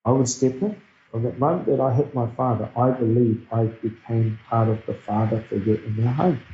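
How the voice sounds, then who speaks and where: A man's voice: medium pitch, steady tone, normal speed, slight background noise. A middle-aged man from New Zealand with a New Zealand accent, telling a personal story in an earnest, reflective way during an interview. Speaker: guest speaker. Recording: dull, echoey recording.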